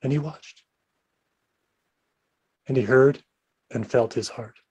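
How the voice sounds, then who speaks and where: A man's voice: medium pitch, slow, darkish tone, husky, highs cut off. Playful man telling a spooky story. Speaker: improv player. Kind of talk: explaining a game, then telling a spooky story.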